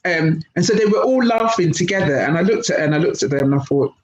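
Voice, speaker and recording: A woman's voice: deep voice, lively intonation, quick pace, hardly any pauses, a little mellow, echoey room, a little hiss or hum, low-quality recording. A woman presenting a workplace training session over a video call, speaking directly and telling a personal story at a shifting pace. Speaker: workshop speaker.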